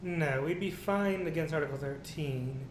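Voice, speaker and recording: Man, somewhat high voice, ranting casual news commentary, swears, echoey room. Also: moderate pace. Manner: ranting, profane, reads news items aloud. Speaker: co-host. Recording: echoey room with faint rumble.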